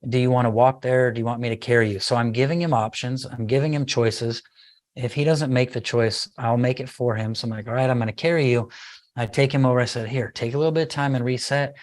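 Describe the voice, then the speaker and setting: Animated man telling a parenting story. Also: mid-range voice, quick pace. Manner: animated storyteller, acts out his child's lines. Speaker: guest speaker on parenting. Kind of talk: conversational podcast interview.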